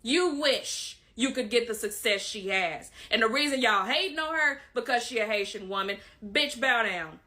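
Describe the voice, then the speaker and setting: A woman's voice: on the high side, lively intonation, moderate pace, hardly any pauses, pushed and bright. A woman, delivering a blunt, profane, scolding online rant.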